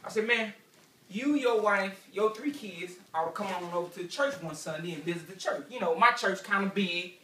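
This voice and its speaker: Stand-up comic, man, high bright voice, rambling repetitive delivery, room echo and distant pickup. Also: moderate pace, a little hiss or hum. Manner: loose, repetitive storytelling with asides to the crowd. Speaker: stand-up comedian. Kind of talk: stand-up comedy routine. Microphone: camera from a distance. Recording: echoey room picked up from afar.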